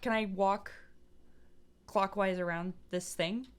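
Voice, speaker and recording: A woman's voice: medium pitch, steady tone, slow, clean tone. A woman playing in a tabletop game who talks casually, swears freely and pokes fun at herself. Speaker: player.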